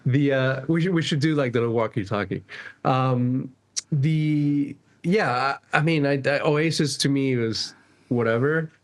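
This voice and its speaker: A man's voice: medium pitch, a little slow. A man co-hosting a podcast in casual chat, speaking hesitantly with stumbling restarts. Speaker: podcast co-host.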